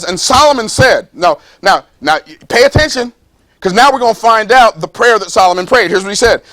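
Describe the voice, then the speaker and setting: A man with a high, expressive, sharp-toned voice gives a preaching-style motivational talk at a business seminar, emphatic and playful before a live audience. He repeats phrases, acts out quoted voices, and reads scripture slowly, with no room sound on the recording.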